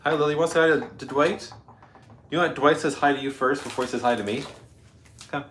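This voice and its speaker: A man's voice: a little high, fast talker, a bit bright, a little hiss or hum. A Canadian man hosting a casual live stream, rambling chattily to his viewers and his dog, a little stuffy. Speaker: livestream host.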